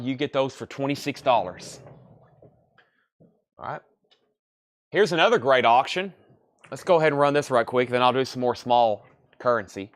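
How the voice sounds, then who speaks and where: A man hosting a live online sale, chatting in a folksy, easygoing salesman patter and sounding tired. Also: medium pitch. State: sleepy, yawning. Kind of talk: live auction selling.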